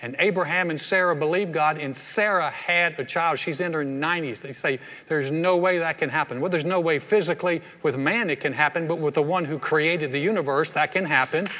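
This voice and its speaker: A man's voice: a little high, fairly quick, few pauses, sharp tone, long reverb tail. An older man, a pastor preaching a sermon in a folksy, conversational way with playful asides. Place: church hall.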